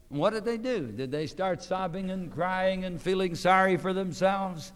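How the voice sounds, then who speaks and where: A man's voice: high voice, measured pace, few pauses, smooth, long reverb tail. A man preaching a sermon, emphatic, with rhetorical questions to his listeners.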